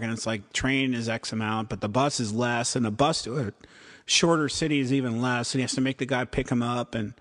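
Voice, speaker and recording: A man's voice: medium pitch, big-room sound. A man co-hosting a casual chat about TV episodes, rambling and acting out quotes. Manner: rambling, acts out quotes, frequent "like". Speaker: podcast co-host.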